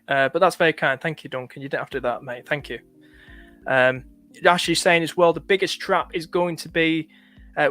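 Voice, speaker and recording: A man from the north of England talks casually on a live stream, his northern accent light. His voice sits a little high, and he keeps thanking viewers, with many fillers and restarts. Faint music plays in the background. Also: fairly bright tone. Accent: northern English, light. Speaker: livestream host.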